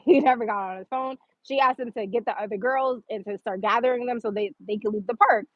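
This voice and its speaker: A woman with a slightly high voice talks through a personal story on her livestream, loose and conversational, dropping "like" all the time. The sound is dull and lo-fi, close and dry with no room echo. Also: steady tone, brisk. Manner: chatty, filler-heavy with frequent "like". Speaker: livestream host. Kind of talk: casual storytelling monologue.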